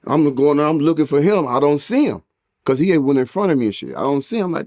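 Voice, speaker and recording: A man's voice: fairly high pitch, quick pace, no echo, studio quality. A man casually telling a jail story, acting out the dialogue in a raised voice. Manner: animated, acts out dialogue in a raised voice, heavy cursing.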